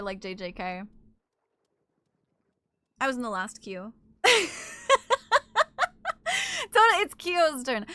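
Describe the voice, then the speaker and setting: A woman streamer chatting casually with her live chat while she plays, often cooing softly to her cat. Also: a little high, no room sound.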